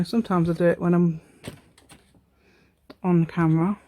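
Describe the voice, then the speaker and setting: The crafting channel host's voice is mellow and on the low side, steady in tone and at a normal speed. Chatting and rambling as she works through a casual tutorial, she laughs frequently and makes fun of herself.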